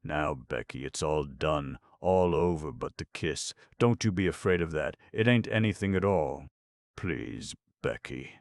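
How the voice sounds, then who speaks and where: A man's voice: a bass voice, normal speed, few pauses, dry recording. A man voicing an eager, scheming young schoolboy in an audiobook, coaxing and a little boastful. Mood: pleading.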